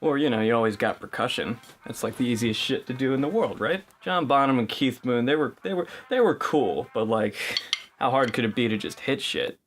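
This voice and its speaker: A man's voice: mid-range voice, expressive, brisk, a little hiss or hum. A young man delivering a sarcastic, mock-instructional comedy monologue as host of his own video. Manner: sarcastic, mock-instructional, shifts into silly voices. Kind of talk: satirical scripted monologue.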